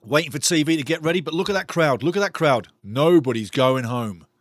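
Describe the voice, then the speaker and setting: A man's voice: on the high side, animated, brisk, no room sound. A man hosting a live football watchalong, talking passionately and ranting about refereeing calls in a chatty way. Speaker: watchalong host.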